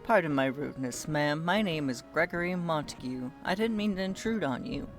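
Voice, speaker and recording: A streamer reading the lines of a polite, humble male farmer from a game, in a gentle, courteous way. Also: mid-range voice, lively intonation, a little fast, soft background music, natural voice. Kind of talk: reading game dialogue aloud.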